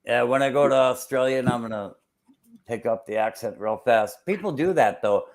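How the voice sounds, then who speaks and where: A man's voice: mid-range voice, moderate pace, gravelly, a little mellow. A man hosting a casual chat, rambling and searching aloud for words.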